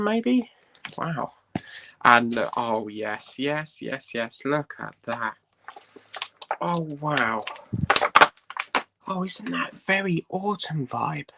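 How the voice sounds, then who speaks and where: A man hosts a relaxed unboxing vlog, talking unhurriedly in a gravelly voice. He thinks aloud as he goes, with plenty of "right" and "um". The home recording is noisy, with clicks behind him. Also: on the high side. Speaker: host.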